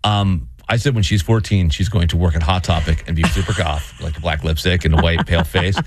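A man's voice: sits low, steady tone, brisk, slight background noise. A man co-hosting a radio show in casual, playful banter. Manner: playful, jokey, breaks into laughs. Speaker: radio co-host.

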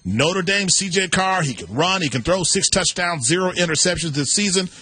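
A man's voice: high voice, expressive, normal speed, pushed and bright, husky, no echo. A man hosting a sports talk show, running a playful trade game with his co-host. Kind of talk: radio sports chat game segment.

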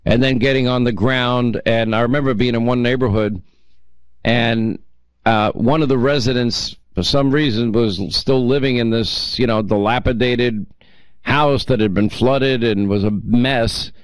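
A man's voice: mid-range voice, steady tone, a little slow, no echo. Male talk radio host, casual and chatty with callers, dry close mic. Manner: chatty, reminiscing, teasing callers. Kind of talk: casual call-in chat.

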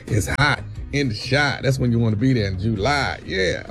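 A man's voice: mid-range voice, moderate pace, gravelly, fairly bright tone, soft background music. A male radio host wrapping up a bit and plugging a show in a playful, sing-song way. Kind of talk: radio comedy wrap-up and promo.

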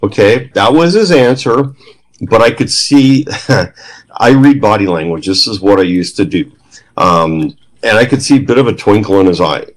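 Lively middle-aged man telling a story. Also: fairly low pitch, moderate pace, rough recording. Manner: animated storyteller, acts out quoted dialogue. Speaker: guest, former police trainer. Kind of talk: storytelling in a podcast interview.

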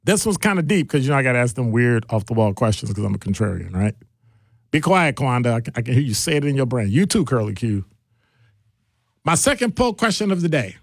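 A man hosting a radio talk show in a casual, animated way, with playful asides as he moves between topics. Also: mid-range voice, a little fast, vocal fry, no room sound, studio quality.

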